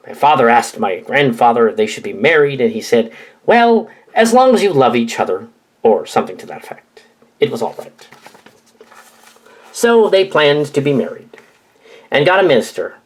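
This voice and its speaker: A man's voice: mid-range voice, low-quality recording. A man reading a family memoir aloud in a casual way, adding his own asides. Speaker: reader.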